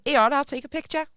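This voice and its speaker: A woman's voice: high-pitched, a bit bright, no room sound, clean studio sound. A young woman, co-hosting a podcast in a giggly, chatty way. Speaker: podcast co-host. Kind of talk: casual chat.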